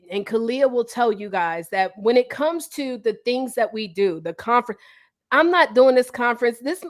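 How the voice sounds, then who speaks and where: A woman hosting a livestream, telling a story in an animated way and talking to viewers as y'all. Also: fairly high pitch. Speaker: host. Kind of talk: livestream talk.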